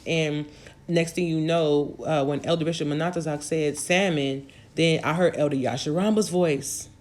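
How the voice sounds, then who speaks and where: A woman's voice: sits low, fairly even intonation, moderate pace, darkish tone. Woman host, casual storyteller, rambling delivery with frequent fillers. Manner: rambling, full of fillers and restarts. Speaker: channel host.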